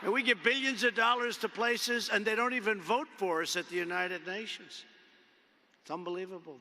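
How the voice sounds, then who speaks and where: A man's voice: high-pitched, normal speed, pushed and bright. A man in his seventies giving an off-the-cuff convention speech from a podium, rambling and repetitive, leaning on emphatic superlatives. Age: 70s. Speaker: public speaker addressing a convention. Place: large indoor convention arena. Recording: long reverb of a big arena.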